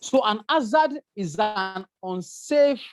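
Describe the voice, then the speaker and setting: A safety trainer with a Nigerian English accent lectures on workplace safety alongside slides, explaining step by step, repeating herself and often asking "right?" to check in. Her medium-pitched voice is lively in intonation and slow, with a slight hiss or hum.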